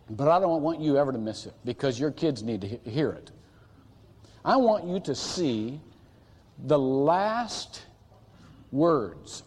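A man's voice: medium pitch, a little mellow, breathy edge. Man, pastor delivering a sermon; earnest, emphatic, repeats himself, set in a reverberant church hall. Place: church sanctuary.

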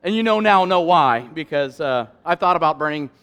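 Animated high-voiced male preacher. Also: normal speed, clean tone. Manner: lively preaching, swings from loud emphasis to quiet asides, jokes with the congregation. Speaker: pastor. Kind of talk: sermon.

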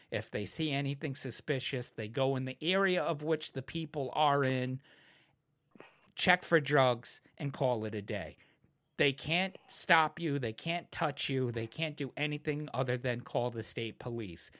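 A young man in casual podcast chat, telling a wild story with lots of swearing and shouted, acted-out quotes. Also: mid-range voice. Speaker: podcast co-host.

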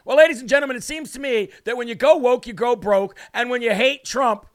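Very high-voiced man ranting mockingly. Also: a little fast. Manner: mocking and ranting, with bursts of shouting. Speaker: livestream host. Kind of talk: political commentary livestream.

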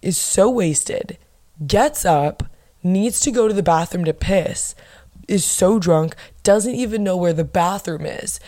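A young woman hosting her own podcast, chatting casually and bluntly with lots of swearing and animated bursts of emphasis. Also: on the low side, slow. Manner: blunt, profane, gossipy. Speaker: podcast host. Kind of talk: casual solo podcast chat.

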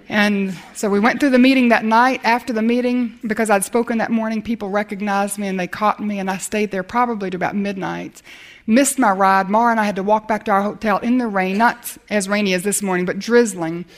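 An older woman preaching and telling a personal story, acting out the dialogue and laughing often. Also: mid-range voice. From America. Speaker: speaker telling a personal testimony. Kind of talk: sermon storytelling.

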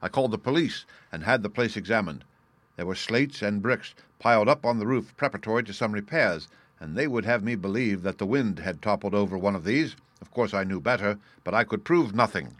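Figure: calm, ironic detective voiced by a man. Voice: bright, forceful. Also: fairly low pitch, dry recording, natural voice. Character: calm, confident male detective. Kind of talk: audiobook reading.

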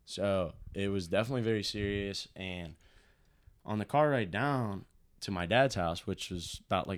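A young man telling a painful personal story in a casual, halting way, full of restarts and fillers. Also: low voice, clean tone. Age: young adult.

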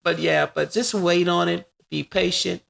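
A woman in her forties, a podcast guest, telling personal stories in a casual, animated way and acting out what people said. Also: lowish voice, unhurried, vocal fry. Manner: animated, acts out quoted dialogue. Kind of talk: casual interview storytelling.

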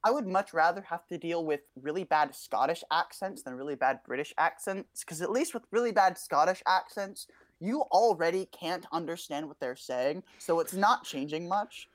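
Woman, young adult, low-pitched, casual chat, chatty asides. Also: expressive. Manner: chatty, laughs often, quick asides.

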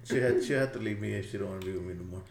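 A man's voice: fairly low pitch, very fast, gravelly, a little hiss or hum. A man joking bluntly in a casual group chat and laughing at his own lines. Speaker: married guest. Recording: echoey room with crowd chatter.

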